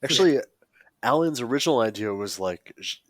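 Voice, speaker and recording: A man's voice: medium pitch, animated, fairly quick, no room sound. Male co-host, dry and questioning, dead dry sound. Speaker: podcast co-host. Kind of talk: casual panel chat.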